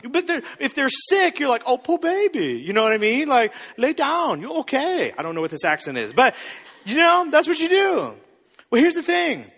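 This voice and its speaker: A man preaching a sermon as a pastor, casual and joking, acting out quotes with animated energy. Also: extremely high pitch, a little fast. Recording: long reverb in a hall.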